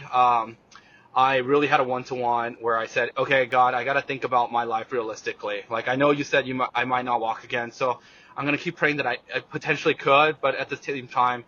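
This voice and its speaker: A young man talks through a personal story as an interview guest, pausing and restarting often with lots of fillers. His voice is bright and forward at an average pitch. The recording sounds slightly dull and lo-fi. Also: flat delivery. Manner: halting, many fillers and restarts.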